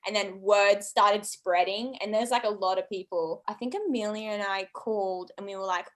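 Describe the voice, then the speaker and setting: A woman in her twenties telling a story in a relaxed chat, acting out other people's lines with big jumps in her voice. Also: moderate pace. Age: 20s. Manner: animated, acts out quoted voices with big pitch jumps. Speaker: channel co-host, guest. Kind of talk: casual storytelling.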